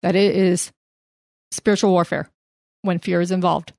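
A woman co-hosting a faith podcast, mixing Bible teaching with earnest, animated storytelling. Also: lowish voice, normal speed, gravelly, dry recording, clean studio sound. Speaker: podcast co-host.

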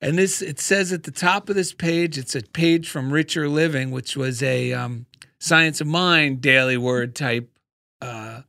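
A man with a notably high voice hosts a spiritual talk show in relaxed, chatty conversation. He tells stories with animated energy and breaks into loud cartoonish impressions. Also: creaky. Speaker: radio show host.

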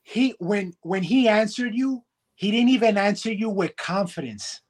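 A man's voice: high-pitched, expressive, moderate pace, darkish tone. A man, a wrestling heavyweight champion, talking trash as a podcast guest. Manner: cocky trash talk. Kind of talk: podcast interview.

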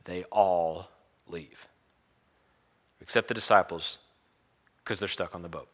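A man preaching a sermon, retelling a story with lively energy and chanting the crowd's lines. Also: deep voice, slow pace, a little hiss or hum.

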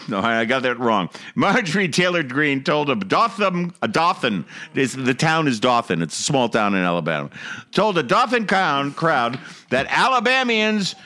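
A man's voice: medium pitch, big pitch swings, normal speed, bright, forceful tone. A man hosting a comedic political show, mocking the news and laughing often. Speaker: host.

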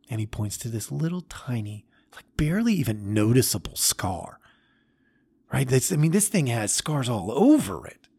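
A man hosting a podcast, telling a story in an earnest, halting way with restarts. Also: mid-range voice, big pitch swings, creaky, darkish tone, breathy edge. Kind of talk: storytelling talk.

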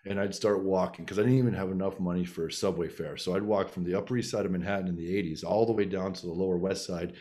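Middle-aged man, low-ish voice, loose rambling storyteller, lots of restarts. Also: steady tone, fast talker, few pauses, dark tone. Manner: rambling, frequent restarts and filler. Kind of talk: casual storytelling chat.

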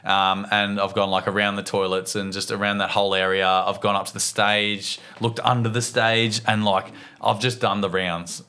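Lively Australian man telling a story. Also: lowish voice, normal speed, hardly any pauses, clear, resonant tone. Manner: animated, tumbling storyteller. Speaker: podcast co-host. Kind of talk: casual chat, storytelling.

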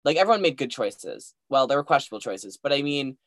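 A man's voice: mid-range voice, big pitch swings, fast, fairly bright tone, no room sound. A man co-hosts a podcast, chatting casually in a mid-range voice. He hesitates and rambles through his points with many hedges. The recording is dry and close. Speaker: podcast co-host. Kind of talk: casual chat.

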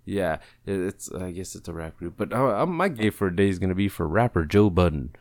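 A man's voice: sits low, animated, brisk, a little mellow, no echo, studio quality. A man co-hosting a podcast in crude, rambling casual chat, often breaking into laughter. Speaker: podcast co-host.

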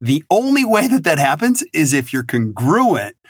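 A middle-aged man speaks as a consultant guest on a podcast interview, his voice sitting fairly high for a man. He talks with energy and blunt emphasis, and the sound is dry with no room in it. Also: sing-song, normal speed, slightly rough, no room sound.

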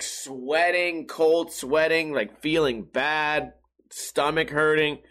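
Chatty young man with a higher voice. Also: a bit bright. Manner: rambling, profane, chuckles at his own jokes. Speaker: vlogger. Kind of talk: casual storytelling to camera.

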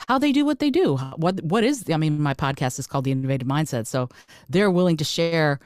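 A low-pitched woman speaking as a podcast guest, her voice earnest and fighting back tears. She restarts and repeats herself as emotion catches her. The sound is dry and close. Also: lively intonation, a little fast, a little mellow, no room sound. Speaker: podcast host and coach, guest. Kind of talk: casual interview talk.

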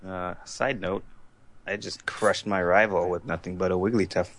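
A man in casual gaming chat with friends, joking, laughing often and breaking into mock shouts. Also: low voice, steady tone, moderate pace.

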